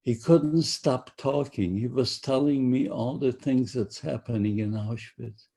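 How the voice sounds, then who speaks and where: An older man speaks slowly in a husky, mellow voice as he gives his testimony to students. He often halts, repeats himself and restarts his phrases. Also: medium pitch. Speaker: Holocaust survivor speaker.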